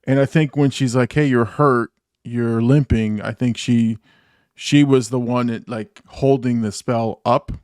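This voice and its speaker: A man's voice: mid-range voice, fairly even intonation, measured pace, darkish tone, smooth, no room sound, clean studio sound. A man co-hosting a reaction show, talking casually and rambling with many restarts and fillers. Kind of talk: casual chat.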